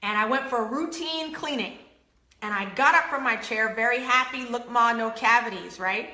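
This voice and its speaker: A woman hosting an inspirational faith talk, telling stories with acted-out quotes and lively laughter. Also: on the high side, normal speed, echoey room. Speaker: host.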